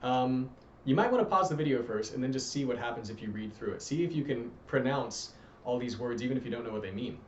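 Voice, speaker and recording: A man teaching a casual Spanish lesson, rambling with fillers and slowing down to read passages carefully. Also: medium pitch, expressive, slight background noise. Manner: rambling, with many fillers, slows to careful deliberate reading. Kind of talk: casual home lesson with read-aloud practice. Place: room at home with a fan running. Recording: roomy, distant, slightly dull home recording.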